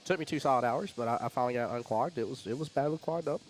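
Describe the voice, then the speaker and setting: A man's voice: mid-range voice, very fast, faint music behind. A man, commentating a pool match in a casual, chatty way. He laughs often and repeats words as he tells stories. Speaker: pool commentator and division rep. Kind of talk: casual live sports commentary.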